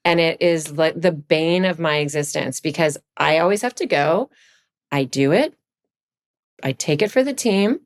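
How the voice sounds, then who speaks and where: A middle-aged woman from Virginia, a podcast guest, chatting casually and telling animated stories, leaping up in pitch for quoted lines. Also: moderate pace. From Virginia, USA. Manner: animated storyteller, jumps high for quoted lines. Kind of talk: casual chat.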